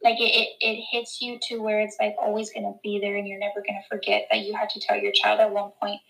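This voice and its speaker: Bright, gravelly young woman guest. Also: medium pitch, completely flat delivery, rough recording. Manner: emotional, halting, many fillers. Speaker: podcast guest. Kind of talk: casual chat.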